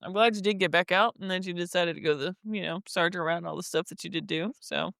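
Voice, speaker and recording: A man hosting a podcast and talking casually about his narcotics work, easygoing and quick to laugh. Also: high voice, creaky, bright, forceful tone, no room sound, clean studio sound. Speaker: podcast host, former narcotics officer. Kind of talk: casual conversation.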